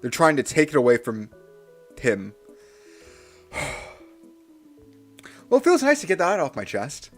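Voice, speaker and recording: A man's voice: on the high side, huge pitch swings, measured pace, pauses often, faint music behind. A young man livestreaming, doing a playful mock-villain rant in casual chat, with frequent restarts. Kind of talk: casual live-stream rant.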